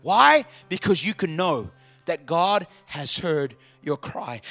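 A male preacher delivering a sermon dramatically, swinging between hushed asides and loud, emphatic calls. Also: fairly high pitch, sing-song, takes it slowly, faint music behind.

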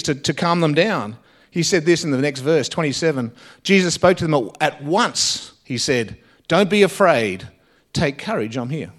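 A man preaching a sermon, earnest, with frequent pauses and phrase endings that drop soft. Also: fairly high pitch. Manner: earnest, pausing often and dropping softly at phrase ends.

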